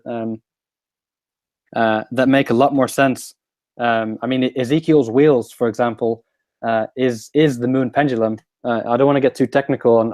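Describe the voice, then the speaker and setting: A man's voice: mid-range voice, a little mellow, no echo. A man from Sweden, a guest on a live online talk, speaking hesitantly with many fillers and restarts. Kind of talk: casual chat. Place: London.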